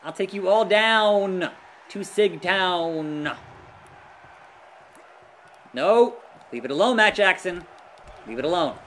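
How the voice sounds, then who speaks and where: Male let's-player, high and lively, unhurried between outbursts, reacting loudly to play. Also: a little hiss or hum. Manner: excitable, groans and yells at the action. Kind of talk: live gameplay commentary.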